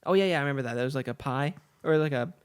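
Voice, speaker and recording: Fast-talking man on a podcast. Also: medium pitch, clean tone. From San Diego area, California. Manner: rambling, quick and joking, with quoted voices. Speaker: podcast co-host. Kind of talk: casual chat.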